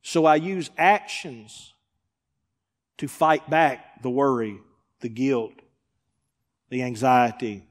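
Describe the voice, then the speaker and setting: A man preaching as a pastor, who acts out the people he quotes and swings between loud and hushed delivery. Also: mid-range voice, takes it slowly, long pauses, long reverb tail. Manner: preacher acting out quoted voices, rising and dropping in volume. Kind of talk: sermon. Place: church sanctuary.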